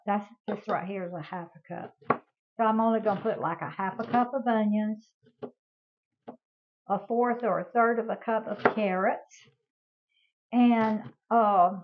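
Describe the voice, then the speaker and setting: A woman's voice: medium pitch, muffled recording, a little hiss or hum. An older woman, hosting a casual home cooking demonstration in a chatty, homey way and talking to her viewers as y'all. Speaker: cooking show host.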